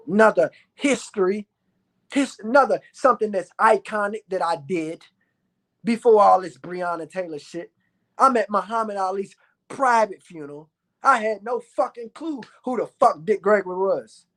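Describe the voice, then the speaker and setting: A man delivering a boastful, profane vlog rant, repeating his lines for emphasis. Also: sits high. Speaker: vlogger. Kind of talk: ranting vlog monologue.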